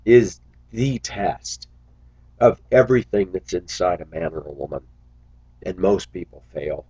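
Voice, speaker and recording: A man's voice: lowish voice, darkish tone, dry recording, dull audio. A man who drives a school bus, talking earnestly to his viewers in a casual, reflective monologue full of little stories.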